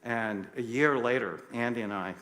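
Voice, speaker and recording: Man, psychiatrist, storytelling talk, animated, emphatic, acts out quotes, soft low drops, mid pitch. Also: moderate pace. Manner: emphatic, passionate.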